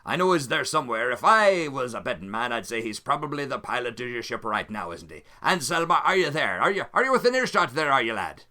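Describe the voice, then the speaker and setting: A man's voice: mid-range voice, sing-song, fast, hardly any pauses, bright, forceful tone. A man voicing a jovial, roguish male starship captain who talks in a folksy, chummy way and calls people lad.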